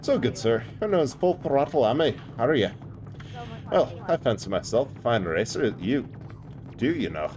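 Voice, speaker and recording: A man's voice: medium pitch, big pitch swings, moderate pace, darkish tone, natural voice. A man reading a cocky male demon gatekeeper from a video game, putting on a Scottish accent and a brash, folksy manner. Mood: challenging. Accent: put-on Scottish. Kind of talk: reading game dialogue aloud in a voice.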